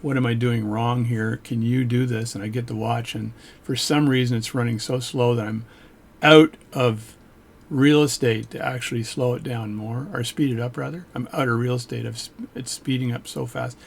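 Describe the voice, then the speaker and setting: A man who repairs watches reviews a book on camera in a loose, rambling way, cracking jokes on the side and cutting himself off often. His voice is medium-pitched and steady at a normal speed, with vocal fry and a slightly rough edge.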